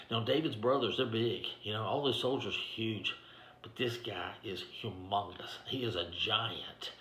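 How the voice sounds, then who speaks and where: A man's voice: medium pitch, a bit bright. A man giving an informal devotional in a folksy, conversational storytelling manner. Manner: folksy, conversational, lots of "you know". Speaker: ministry director giving a devotional. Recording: echoey room.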